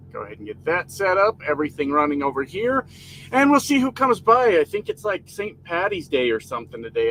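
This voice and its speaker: The recording is rough, with slight background noise, as a man with a somewhat high, a bit bright voice live-streams from his parked truck's cab. He keeps things casual, reading comments, joking, and saying hi to viewers by name.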